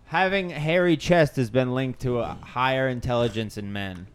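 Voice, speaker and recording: A man's voice: mid-range voice, normal speed, clean tone. A man on a casual podcast chat, reading out trivia facts and laughing often. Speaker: podcast co-host.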